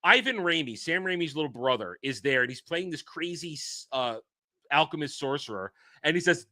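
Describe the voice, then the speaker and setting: Excitable male streamer, rambles and swears, lively pitch, highish voice. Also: normal speed. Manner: rambling, excitable, swears, swings from loud to muttering. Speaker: streamer host. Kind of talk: casual livestream rant.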